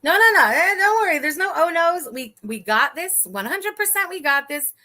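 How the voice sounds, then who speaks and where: Bright-voiced woman live-streaming. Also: very high voice, expressive, moderate pace. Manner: chatty, laughs often, swears freely, talks to chat. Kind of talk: casual live-stream commentary.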